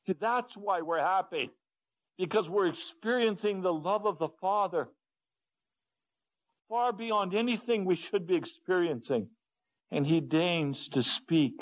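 A man preaching an earnest sermon, dropping to low hushed tones and rising to pleading ones. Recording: dull lo-fi sermon recording.

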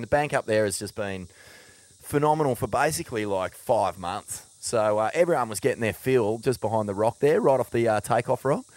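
A man's voice: mid-range voice, dry recording. A young Australian man chatting casually as a co-host, dropping swear words and self-mocking laughs. His voice sits close and dry to the microphone, with no room sound around it. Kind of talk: casual podcast chat.

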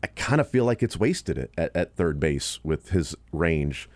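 A man with a low voice talks through baseball on sports radio, thinking aloud and circling back with plenty of ums and uhs. The sound is close and dry, with no room around it. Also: lively intonation, a little slow, no room sound. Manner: rambling, thinking aloud with fillers.

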